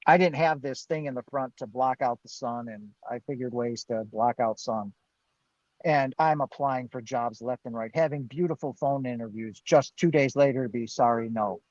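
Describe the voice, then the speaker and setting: Man telling a story with lively acted lines. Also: medium pitch, normal speed, no room sound. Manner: acts out his own and others' lines in quotes, laughs now and then. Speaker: guest on a live Q&A. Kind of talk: animated personal storytelling. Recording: dull, dry lo-fi stream audio.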